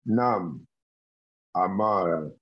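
Hesitant deep-voiced man student. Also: expressive, drawn-out words, highs cut off. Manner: hesitant, short answers. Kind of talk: practice conversation in class.

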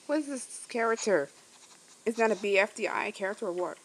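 A woman's voice: mid-range voice, lively intonation, a little fast, slight background noise, rough recording. A woman giving casual, rambling reaction commentary, thinking aloud as she watches. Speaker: video reactor. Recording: video soundtrack music playing behind.

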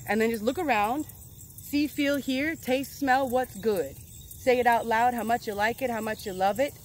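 A woman's voice: on the high side, a little slow, slight background noise. A middle-aged woman, a well-being coach, talking casually and emphatically in a motivational vlog outdoors. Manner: earnest, affirming, emphatic. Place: outdoors in nature with birds.

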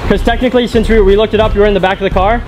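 A young man arguing and pleading in a rapid, heated way during a vlog. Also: sits high, fairly even intonation, background noise. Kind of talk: casual vlog confrontation.

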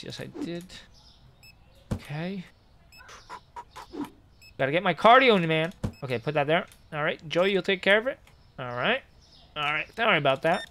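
Young male streamer, gravelly voice, slightly high, frantic self-talk while playing, faint noise behind. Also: a bit bright. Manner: chatty, frantic, talks to himself and the game customers. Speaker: gaming streamer. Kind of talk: casual let's play commentary.

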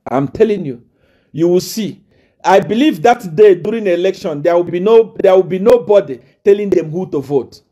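A man's voice: high-pitched, lively intonation, normal speed, warm tone. A man from Zambia, delivering a live-streamed political rant in a mocking, taunting way, laughing often and hammering on repeated phrases.

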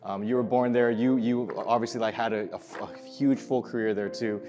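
A man hosting an interview in a cafe, upbeat and quick as he leads with questions. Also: mid-range voice, fairly even intonation, mellow. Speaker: host. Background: background music.

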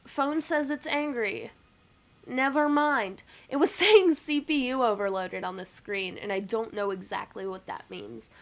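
A young woman with a fairly high, unhurried voice and some vocal fry chats casually from home with her live-stream audience over a webcam and computer mic. She's bubbly and chatty, laughing often and poking fun at herself.

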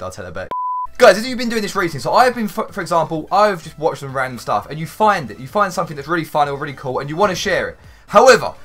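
Lively, bright-voiced gamer guy. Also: fairly high pitch. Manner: excitable, rambling and sweary, with sudden shouts. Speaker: gaming YouTuber. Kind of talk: live gameplay commentary.

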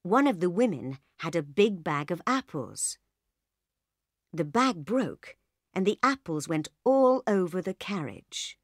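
Slow, clear woman audiobook narrator. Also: on the low side, very animated, no room sound, clean studio sound. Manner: slow, clear reading for learners. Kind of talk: scripted narration of a graded reader.

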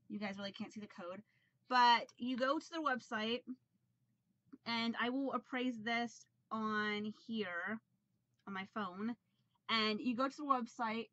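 A woman vlogger in a casual video, talking excitedly and rambling with many fillers and restarts. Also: fairly high pitch, slow, pauses often, no room sound, lo-fi sound. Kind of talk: casual vlog unboxing.

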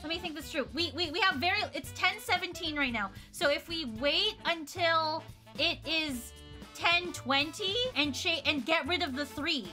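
A young woman streaming a puzzle game, excitable and thinking aloud as she goes, often counting under her breath. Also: very high voice, moderate pace. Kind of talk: live game stream chat. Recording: background music under voice.

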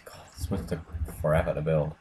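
A man's voice: very deep voice, level tone, brisk, a little mellow, a little hiss or hum. A man giving a casual tour of a game server, rambling and repeating himself as he talks to a friend. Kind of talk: casual gaming chat.

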